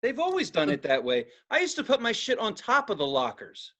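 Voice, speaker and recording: A fairly quick, high-pitched man, co-hosting a podcast, spins a profane comedic yarn. Animated and cursing all the way, he acts out each person in the story.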